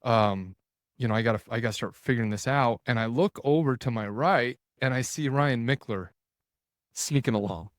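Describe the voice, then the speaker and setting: A man in his forties, a podcast guest, telling a story in a casual, animated way, full of restarts and quoted thoughts. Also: medium pitch, normal speed, no room sound, studio quality. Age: 40s.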